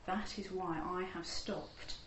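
A woman voicing a calm wandering male monk who speaks slowly, softly and with measured words. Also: on the low side, reverberant, distant mic, background noise. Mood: serene. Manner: slow, soft and measured.

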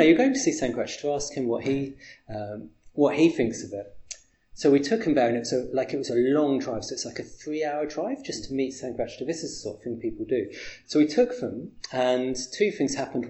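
A man tells a story in a loose, halting way, stopping often to restart a thought. His voice is warm and mellow, at a middling pitch. He sounds like he is in an echoey room. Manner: rambling, halting anecdotes with many fillers and laughs. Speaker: interviewer. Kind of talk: casual conversational storytelling.

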